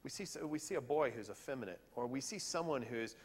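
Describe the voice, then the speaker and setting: A man's voice: medium pitch, animated, brisk, slightly rough. Man, pastor, earnest sermon, questioning tone, long hall reverb, church sanctuary.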